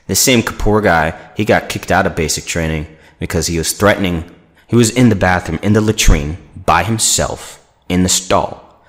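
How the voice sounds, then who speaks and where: A man's voice: deep voice, a bit bright. A young man hosting a podcast, telling a rambling, profane story and acting out the voices of people he quotes. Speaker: podcast host. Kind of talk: casual storytelling rant.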